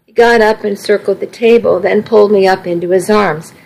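Woman reading a romance audiobook, earnest and emotional, mid pitch. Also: moderate pace, vocal fry, hardly any pauses, darkish tone, low-quality recording. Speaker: audiobook narrator. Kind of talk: first-person scripted narration.

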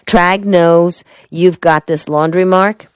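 A sardonic male private eye, as a woman narrator puts him on, drawls slowly in a husky, low voice. The reading is dry and close to the mic. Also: steady tone, no room sound. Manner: slow drawl. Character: gruff slow-drawling male private detective.

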